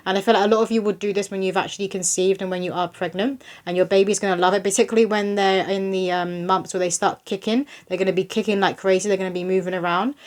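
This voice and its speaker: A young woman psychic medium giving a casual, chatty spiritual reading to camera, breezy and animated in her delivery. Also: medium pitch, fast talker, hardly any pauses. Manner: chatty, breezy, spiritual, with bursts of quoted voices.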